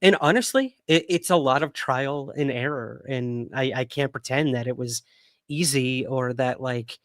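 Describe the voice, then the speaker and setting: A man's voice: mid-range voice, measured pace, a bit bright, no room sound, clean studio sound. A man hosting a casual livestream, chatty and rambling with many fillers, hiccuping. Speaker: podcast host.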